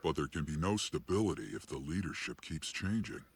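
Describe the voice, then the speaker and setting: An actor voicing a gruff, aging male ninja sage in an anime dub, speaking in a deep, gravelly, teasing and reflective way. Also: lively intonation, fairly quick, dry recording, exaggerated voice. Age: older. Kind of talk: anime English dub acting.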